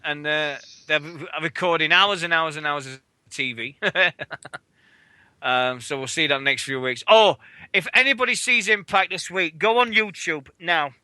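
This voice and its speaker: A high, piercingly bright British man rants excitedly about wrestling on a radio show. His talk is casual and full of swearing, recorded close and dry with no room sound. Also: no echo. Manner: swearing, excitable, fast ranting.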